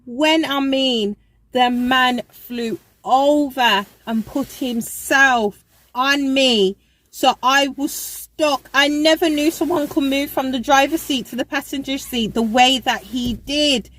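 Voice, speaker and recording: A woman's voice: high-pitched, takes it slowly, fairly bright tone, poor audio. A young woman telling a casual storytime in a chatty, rambling way, full of fillers. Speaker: vlogger.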